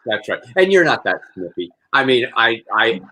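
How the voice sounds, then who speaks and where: A man's voice: mid-range voice, sing-song, moderate pace, bright, forceful tone, low-quality recording. A man from Texas, co-hosting a casual chat, heated and profane with lots of stammered restarts. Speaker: co-host.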